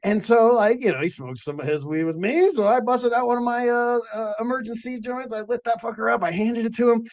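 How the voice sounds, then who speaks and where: A man's voice: very high-pitched, fairly quick, a little mellow, dry recording. A man hosting a late-night cannabis show, telling stories in a loose, rambling way with lots of fillers and the odd swear word. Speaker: host of a cannabis growing show.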